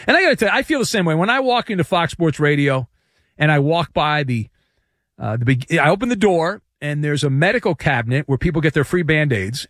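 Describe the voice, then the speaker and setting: A male sports radio host rides a lively, swooping voice pitched a little high, playing every line for sarcasm. His monologue runs loose with fillers and restarts. The studio mic sounds close and dry. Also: no echo. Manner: sarcastic, joking, animated delivery with many fillers.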